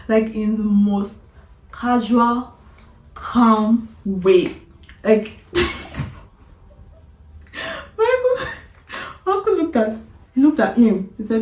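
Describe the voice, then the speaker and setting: A woman vlogger casually retelling a story, animated, often breaking into laughter. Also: a little high, unhurried, reverberant, distant mic, low-quality recording.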